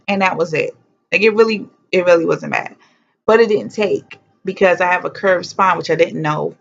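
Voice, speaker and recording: A young woman telling a personal story to camera in a casual, animated way, blunt and swearing freely, acting out what people said. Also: on the low side, normal speed, gravelly. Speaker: vlogger. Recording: dull lo-fi sound.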